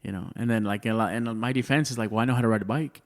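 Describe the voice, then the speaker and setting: With a lowish voice going at a racing clip, a male comedian in his thirties rambles through anecdotes in relaxed chat. He swears often and addresses everyone as "dude."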